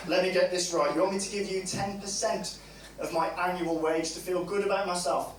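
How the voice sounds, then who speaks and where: A man's voice: high voice, steady tone, fairly quick, distant mic. A man doing a stand-up comedy set on a club stage, crude and matter-of-fact, chatting with the crowd through a handheld mic. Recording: roomy club sound from the audience side with loud crowd noise.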